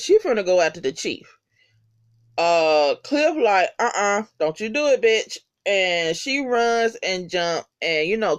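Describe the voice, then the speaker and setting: A reviewer giving a casual, profanity-heavy recap of a TV episode in slangy, animated talk. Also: mid-range voice, clear, resonant tone, lo-fi sound.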